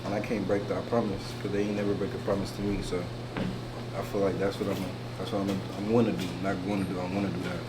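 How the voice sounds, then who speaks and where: Young man, deep-ish and monotone, sincere and hesitant, noise in background. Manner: earnest, halting, flat delivery. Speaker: guest. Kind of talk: casual interview chat. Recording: noisy background ambience.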